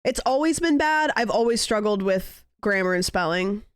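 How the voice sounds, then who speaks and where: A woman's voice: mid-range voice, animated, normal speed, clear, resonant tone, dry recording, studio quality. A young woman streamer in casual chat, rambling and musing aloud with lots of "like" fillers.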